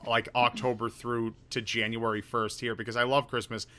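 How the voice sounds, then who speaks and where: Bright-voiced young man chatting. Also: mid-range voice, flat delivery, moderate pace. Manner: rambling, swearing, repeats himself. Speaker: podcast co-host. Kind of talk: casual chat.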